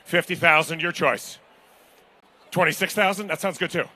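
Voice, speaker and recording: A man's voice: a little high, moderate pace, pushed and bright. A man calling bids at a live charity auction, joking with the crowd. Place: large banquet hall at a gala.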